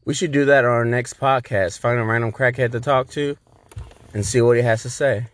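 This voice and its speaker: A man's voice: mid-range voice, fairly even intonation, brisk. A man hosting a podcast, telling a rambling, profane story in a laid-back, casual way. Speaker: podcast host.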